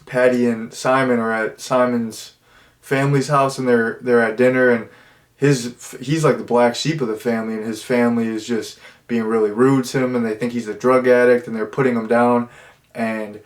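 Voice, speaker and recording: A man talks through a movie review in a loose, rambling way. He circles back on himself, piles on fillers and restarts sentences as he goes. His voice sits at an ordinary middle pitch. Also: level tone, moderate pace. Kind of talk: casual spoken movie review.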